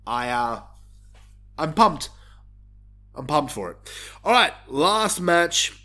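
A man's voice: a little high, very animated, slow, sharp tone. A man hosting his own wrestling show, giving casual predictions in an opinionated, worked-up rant while sick with a cough. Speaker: wrestling podcast host.

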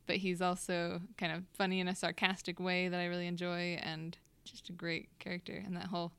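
A woman co-hosting a podcast, casually retelling a film scene in an animated way. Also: fairly low pitch, a little fast, vocal fry, clean tone, dry recording. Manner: animated storytelling recap. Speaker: podcast co-host. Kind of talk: casual chat.

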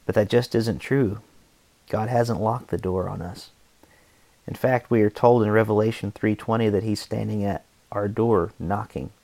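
A man reading aloud from his own devotional book as podcast host, in an earnest, steady teaching manner. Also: lowish voice, no echo.

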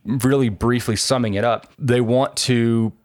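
A man hosting a casual political chat, animated, sarcastic and swearing freely, with lots of fillers. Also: mid-range voice, unhurried, no echo, studio quality.

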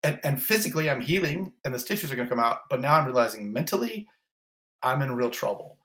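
A middle-aged man tells a personal story on a podcast, building it up in short, repeated, graphic clauses. His voice sits at an ordinary middle pitch, and the delivery stays intense and vivid. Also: big pitch swings, fast, a bit bright. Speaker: fire captain, guest.

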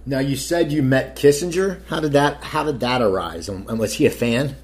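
A man's voice: mid-range voice, moderate pace, darkish tone. A male interviewer who laughs often and asks long, rambling questions. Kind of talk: radio interview.

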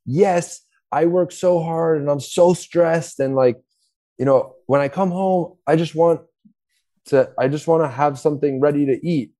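A man's voice: a little high, a little slow, warm tone, pitched above the performer's own voice, lightly acted. A man voicing a stressed, complaining partner who rambles anxiously about work and dinner, in a raised voice.

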